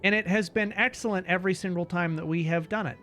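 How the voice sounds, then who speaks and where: A man's voice: high voice, steady tone, fast talker, pushed and bright, soft background music. A young man streaming a game, chatting animatedly, swearing and laughing as he plays. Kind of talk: casual gameplay commentary.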